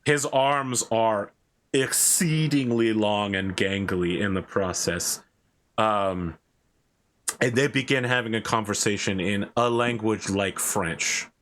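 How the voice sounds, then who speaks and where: A man narrating a tabletop role-playing game as game master, unhurried and descriptive. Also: lowish voice, fairly bright tone.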